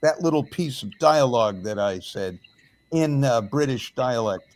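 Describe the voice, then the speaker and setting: Older guy, ex radio jock, chatty storytelling, lots of uh and um, mid pitch. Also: lively intonation, a little slow, darkish tone. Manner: storytelling with frequent fillers. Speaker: former radio DJ. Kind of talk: casual reminiscing chat.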